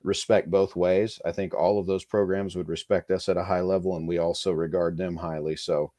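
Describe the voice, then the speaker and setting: A man who coaches high school football, talking in a rambling, easygoing way with lots of fillers and restarts. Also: little pitch movement, brisk, mellow, no echo, studio quality. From Kansas. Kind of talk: casual podcast interview.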